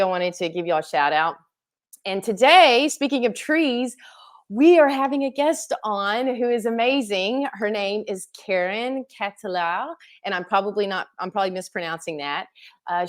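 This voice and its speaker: A woman hosting a live interview stream, chatty and enthusiastic. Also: lowish voice. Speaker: host and founder.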